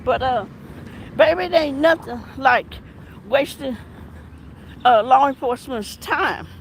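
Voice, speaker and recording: A woman's voice: sits high, animated, slow pace, slight background noise, poor audio. A woman giving casual, rambling commentary on a video, repeating herself and stressing her points. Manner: rambling, repetitive, emphatic. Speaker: commentary vlogger.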